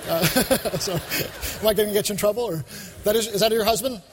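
Male preacher, high voice, fervent and repetitive sermon, long hall reverb. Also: brisk, very noisy. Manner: fervent, repetitive, talks to the crowd. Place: large venue with a crowd.

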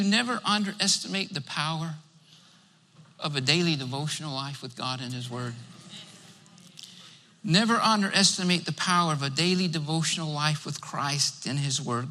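A man's voice: on the high side, bright, forceful tone. A man preaching a sermon, working through numbered points with repeated amens. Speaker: pastor. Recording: long hall reverb.

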